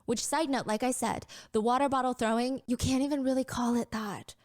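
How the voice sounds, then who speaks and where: A woman hosting a commentary show, narrating a story and reading out comments in a brisk, pointed, incredulous way. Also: on the high side, steady tone. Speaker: commentary podcast host. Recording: played back inside a reaction video.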